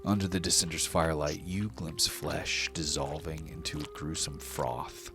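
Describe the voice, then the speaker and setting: A man narrating a tabletop game as game master in a dramatic, measured way. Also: very deep voice, fairly even intonation, music in the background.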